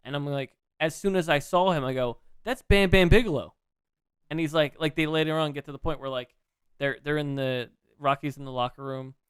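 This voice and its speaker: Excitable rambling man, smooth voice. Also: a little high, a little fast, no echo. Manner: rambling, excitable, swears freely. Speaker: podcast co-host. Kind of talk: casual chat.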